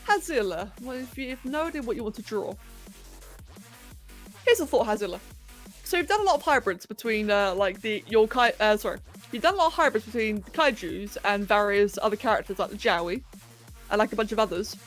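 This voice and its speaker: A woman hosts a live sculpting stream in a relaxed, chatty way. She thinks aloud and pokes fun at herself, and her voice sits mid-range. Soft electronic music plays quietly underneath. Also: mid-range voice, a little fast. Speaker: livestream host. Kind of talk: casual chat while sculpting live. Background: faint electronic music.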